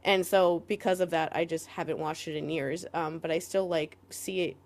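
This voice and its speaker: A woman co-hosting a podcast in casual chat, rambling with lots of "like" fillers and quick laughs. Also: lowish voice, fairly even intonation, darkish tone. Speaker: podcast co-host.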